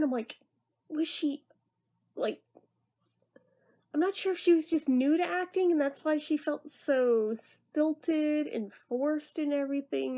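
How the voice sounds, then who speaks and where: A woman in her thirties, tired and half awake, rambling quietly through a casual late-night movie review. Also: high-pitched. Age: 30s. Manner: rambling, talking quieter than normal.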